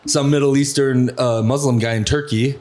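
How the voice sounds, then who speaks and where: A man's voice: medium pitch, fairly even intonation, moderate pace, a little mellow. A young man hosting a podcast, telling stories in a rambling, profane way full of fillers. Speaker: podcast host. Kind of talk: casual podcast chat.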